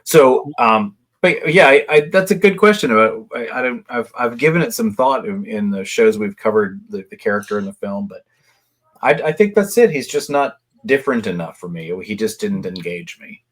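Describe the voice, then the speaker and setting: A man's voice: fairly low pitch, animated, moderate pace. A man co-hosting a casual podcast discussion, talking in a reflective, chatty, storytelling way. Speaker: podcast co-host.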